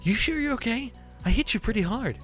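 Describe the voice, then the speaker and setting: A man voicing a short, energetic schoolgirl who sounds worried and apologetic, in a high put-on voice. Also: a little fast, faint music behind.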